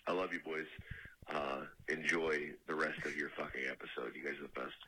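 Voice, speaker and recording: A man in a casual recorded shout-out to a podcast. He jokes around and swears affectionately. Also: very deep voice, fairly even intonation, fairly quick, a crowd in the background, rough recording. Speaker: guest sending a recorded message.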